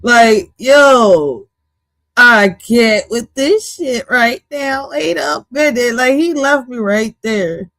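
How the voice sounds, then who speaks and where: A woman hosts a live reaction stream in a slightly high voice, loud and profane, laughing often as she talks. The sound is close and dry, with no room around it. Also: animated, slow, dry recording. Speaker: streamer host.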